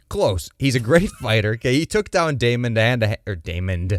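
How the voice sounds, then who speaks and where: A man's voice: mid-range voice, very animated, normal speed, no echo. A young man co-hosting a podcast, chatting casually and jokingly, full of slang and fillers. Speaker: podcast co-host. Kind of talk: casual chat.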